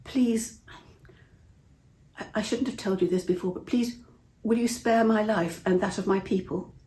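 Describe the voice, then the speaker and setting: Scared young queen, lady doing her voice, stammery and pleading, mellow. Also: medium pitch, fairly even intonation, a little fast, natural voice. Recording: roomy echo.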